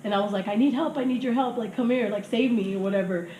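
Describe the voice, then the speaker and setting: Her voice is a little high and quick, and the sound is lo-fi. She's a woman in her thirties guesting on a podcast, laughing through crude, animated stories and acting out people's lines, recorded in an echoey room with faint noise.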